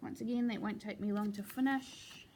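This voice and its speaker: A woman chatting casually at home as she shows her cross-stitch projects, talking in a relaxed way with plenty of ums and asides. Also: mid-range voice, moderate pace, noisy background. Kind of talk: casual show-and-tell chat.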